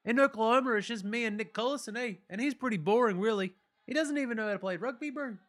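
A man's voice: very high voice, quick pace, a bit bright, pitched above the performer's own voice. A man voicing a laid-back young New Zealand sportsman reading his diary aloud, with a put-on New Zealand accent and a drawl that tacks "eh" and "bro" onto his lines. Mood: easygoing.

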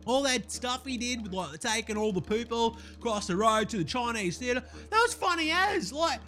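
A man voicing a brash, crude young Australian bloke with a broad Australian accent, who rambles loudly in slang and swears a lot. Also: very high-pitched, expressive, moderate pace, soft background music, pitched above the performer's own voice, heavily acted. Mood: cocky. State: sore throat.

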